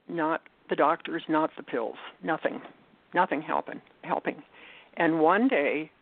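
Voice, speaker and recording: An older woman giving an earnest personal testimony as an interview guest, halting and restarting as she talks. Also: low-pitched, dry recording. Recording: tinny phone line, dry.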